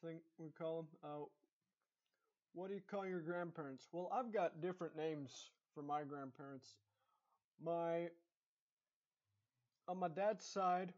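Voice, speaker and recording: A man's voice: on the high side, a little mellow. A young man with a Texan accent, chatting casually and rambling with lots of fillers and restarts. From Dallas, Texas. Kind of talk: casual accent tag vlog. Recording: dull lo-fi recording.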